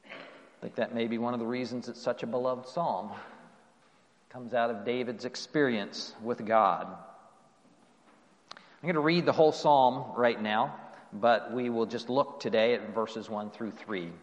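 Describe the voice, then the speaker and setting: A man preaching a sermon earnestly, asking rising questions and letting phrases fall away softly. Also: medium pitch, fairly even intonation, a little slow, long pauses, dull audio. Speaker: pastor. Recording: long reverb of a hall.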